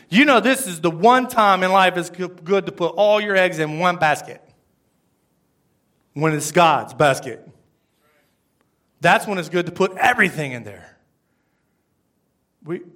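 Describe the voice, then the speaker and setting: A man preaching a sermon as pastor, acting out quoted lines and swinging between loud bursts and hushed asides. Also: high-pitched, moderate pace.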